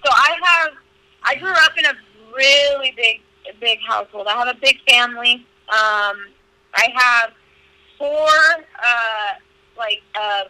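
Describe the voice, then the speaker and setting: A young woman talks through stories on a podcast, candid and profane, with "like" in every other phrase. Her voice is very bright and forward. The sound is dry and close, with no room in it. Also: on the high side, takes it slowly, dry recording, poor audio. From California. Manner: candid, profane, lots of "like" fillers. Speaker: podcast guest. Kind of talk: casual storytelling interview.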